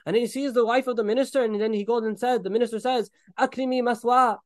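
A man preaching a sermon, retelling a story with animated acted-out voices and frequent laughs. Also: very high-pitched, fast, no room sound.

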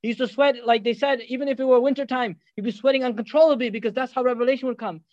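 A high-pitched man speaks quickly in an animated sermon, moving through the story with joking asides to his listeners. The recording is dull and lo-fi, with a dry sound. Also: no echo. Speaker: preacher.

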